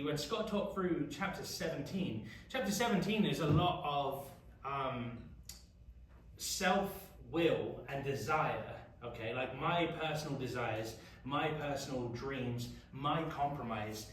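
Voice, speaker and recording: A man's voice: fairly high pitch, animated, normal speed, hardly any pauses, a little hiss or hum. A man with an English accent teaching a casual youth Bible study, chatty and often asking the group questions. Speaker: youth pastor. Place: church youth room. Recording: echoey room, mic far off.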